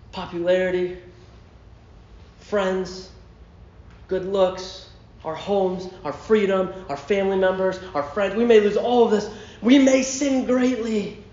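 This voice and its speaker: A male pastor preaching a sermon, emphatic, dropping to a hush and then rising to a shout. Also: high voice, roomy sound, muffled recording. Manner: emphatic, swinging from hushed to shouting.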